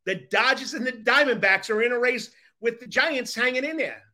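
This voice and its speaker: Man, sports talk host, high pitch, sharp bright tone, playful. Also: normal speed. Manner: upbeat, playful, leading the topics.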